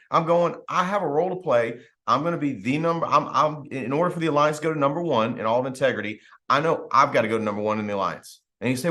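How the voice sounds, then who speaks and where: A fired-up man leads a team call with a motivational talk. He acts out other people's lines and laughs between points. His voice sits a little high and swoops all over the place. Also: fast. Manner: animated, acts out quoted people; laughs often, rambling restarts. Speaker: team leader hosting a call.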